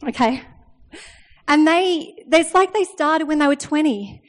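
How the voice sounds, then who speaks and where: A woman, preaching a sermon in a chatty, animated storytelling way, often checking in with "okay?". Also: high voice, a little slow, long reverb tail. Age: 30s.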